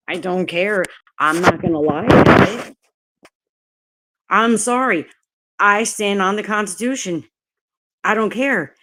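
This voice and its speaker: Angry, cursing New woman, slow. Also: medium pitch, heavy background noise. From New Jersey, USA. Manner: angry, profane, repeats herself. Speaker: livestream host. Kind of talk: casual livestream rant.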